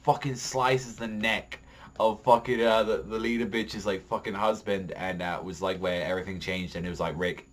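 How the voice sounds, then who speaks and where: A man's voice: fairly low pitch, steady tone, normal speed, a bit bright. A young man casually reviewing a TV episode on his vlog, swearing constantly and rambling with heated opinions and lots of fillers. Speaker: TV show reviewer.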